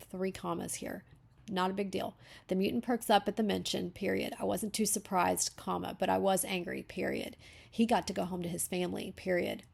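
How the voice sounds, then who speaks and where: Gravelly-voiced woman reading and critiquing. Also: mid-range voice, darkish tone. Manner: reads text aloud, breaking off to comment. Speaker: beta reader giving writing critique. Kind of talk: reading a story aloud and critiquing it.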